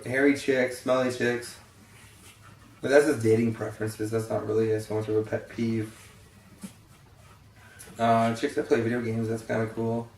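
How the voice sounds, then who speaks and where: Gravelly and mid-range, the young man's voice carries slight background noise as he sits far from the mic in an echoey room. Worn out and yawning, he vlogs casually, cursing freely and rambling with lots of fillers.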